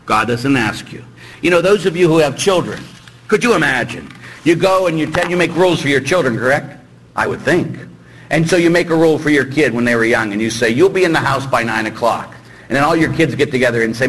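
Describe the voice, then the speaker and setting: A middle-aged man, a priest, preaching a lively sermon full of teasing rhetorical questions. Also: fairly high pitch, normal speed, a little hiss or hum, rough recording. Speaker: Catholic priest.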